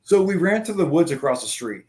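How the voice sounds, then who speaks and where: A man's voice: fairly high pitch, sing-song, a little fast, a little mellow. A middle-aged man, a guest, telling stories in a rambling, profane casual chat.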